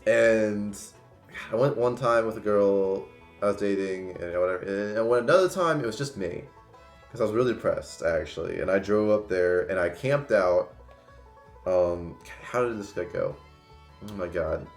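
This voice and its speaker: A man's voice: lowish voice, normal speed, echoey room, soft background music. A man in his twenties telling rambling stories on a casual livestream, full of fillers and restarts. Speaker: streamer.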